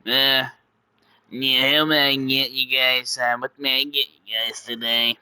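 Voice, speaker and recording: A man's voice: medium pitch, level tone, measured pace, bright, forceful tone, clean tone. A man voicing a sarcastic, grumbling male diner waiter with a sulky drawl.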